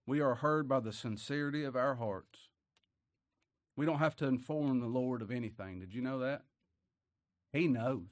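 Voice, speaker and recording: An older man preaching a sermon, swinging from hushed words to loud emphatic passages. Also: mid-range voice, no room sound, studio quality. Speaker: pastor.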